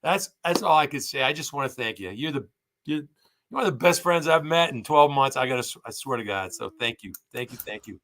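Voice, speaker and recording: Tearful man in his sixties, bright voice. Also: mid-range voice, lively intonation, slight background noise. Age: 60s. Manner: halting, repeats words, heartfelt. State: teary. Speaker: guest on a live show. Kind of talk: emotional casual tribute.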